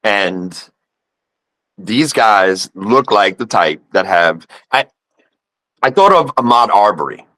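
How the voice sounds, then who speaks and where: A man's voice: lowish voice, lively intonation, takes it slowly, pauses often, bright, forceful tone, no room sound, poor audio. A man in his fifties with a New York accent, a guest telling a personal story in casual conversation and acting out the voices he quotes. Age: 50s.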